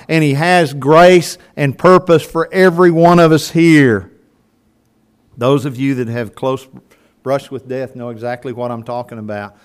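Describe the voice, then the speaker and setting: An older man preaching a sermon to his congregation, telling folksy stories and swinging between loud and soft. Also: fairly high pitch, clean tone. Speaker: pastor. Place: church sanctuary before a congregation.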